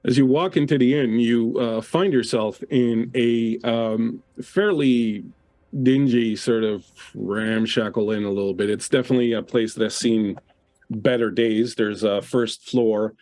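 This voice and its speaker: A man's voice: medium pitch, fairly even intonation, a little slow, warm tone, dry recording. A man narrating as game master of a tabletop role-playing game, describing scenes with frequent uhs.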